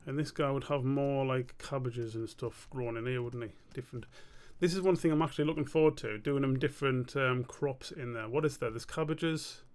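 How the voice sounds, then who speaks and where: A man's voice: medium pitch, a little fast, hardly any pauses. A young man, thinking aloud in a casual, muttering way while he draws on a live stream. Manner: muttering to himself, self-questioning, relaxed.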